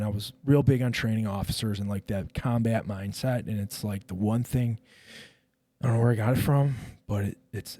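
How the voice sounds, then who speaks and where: A husky, low-voiced middle-aged man tells his story in a loose, profane podcast chat. He brings the people in it to life with quoted dialogue, and the recording is close and dry. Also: dark tone, dry recording. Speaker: guest, retired police officer.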